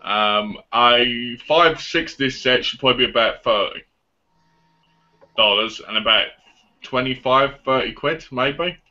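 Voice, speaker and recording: A man co-hosts a casual live film chat. He speaks plainly and bluntly, with a bright tone, and often stumbles over his words. The online call audio is muffled. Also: mid-range voice, measured pace. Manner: blunt, swearing, stuttering restarts. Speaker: co-host.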